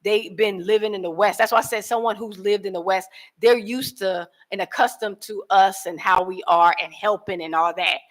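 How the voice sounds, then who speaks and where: A woman's voice: medium pitch, normal speed. Woman, African American accent, casual vlog monologue, rambling, many fillers and restarts. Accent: African American Vernacular English. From United States. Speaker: relocation vlogger. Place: abroad, living in East Africa.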